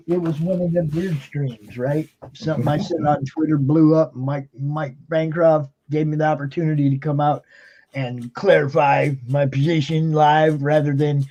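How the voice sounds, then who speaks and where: A man's voice: on the high side, fairly even intonation, unhurried, mellow, highs cut off. A man hosting a live stream, talking casually and emphatically with lots of fillers and swearing. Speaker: streamer and show host. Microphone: computer mic on a live stream.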